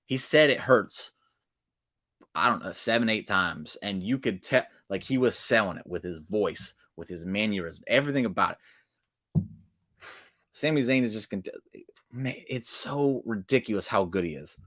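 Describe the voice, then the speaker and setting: A man recapping a wrestling show in casual solo talk, excitable, swinging between loud bursts and quiet asides. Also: on the low side, moderate pace, pauses often. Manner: excitable, swings loud and soft, restarts often.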